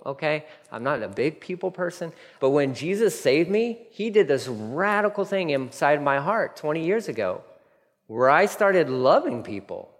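A man preaching a sermon in a church, animated and humorous, with emphatic repetition. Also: mid-range voice. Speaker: pastor. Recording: long hall reverb.

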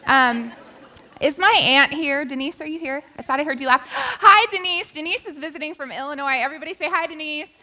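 A woman's voice: sits high, brisk, sharp tone. A woman preaching a sermon to a church congregation, with playful, self-deprecating humor. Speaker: guest preacher. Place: church sanctuary.

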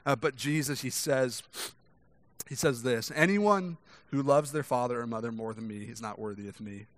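A young man preaching a sermon in a casual, conversational way, often stumbling over restarts and checking in with "right?", and acting out quoted voices with big jumps in pitch. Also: normal speed, no room sound. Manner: conversational, many restarts and "right?" tag questions; acts out quoted voices with sharp rises in pitch and volume. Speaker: pastor.

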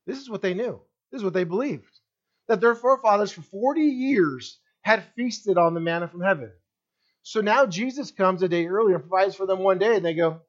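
High-voiced preaching pastor, man. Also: a little fast, muffled recording. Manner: preaching to the congregation, acting out the crowd's voices. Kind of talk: sermon.

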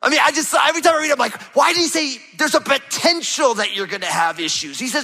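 A man preaching a sermon as pastor, animated, swinging between loud emphasis and hushed low passages. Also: fast, few pauses. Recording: reverberant hall.

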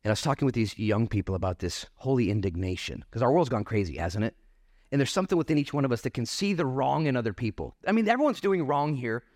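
Animated male pastor preaching. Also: mid-range voice, quick pace, dry recording, studio quality. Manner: animated, acts out quoted voices, conversational. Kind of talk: sermon.

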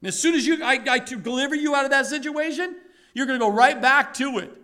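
Man voicing a stern scolding God, high voice, bright tone. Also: fast. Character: God, stern male deity rebuking his people.

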